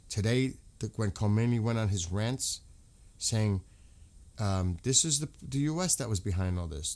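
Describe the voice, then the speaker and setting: Speaking casually on his livestream, this American host has a medium-pitched voice with a darkish tone. He comes across as heated and repetitive, with frequent swearing.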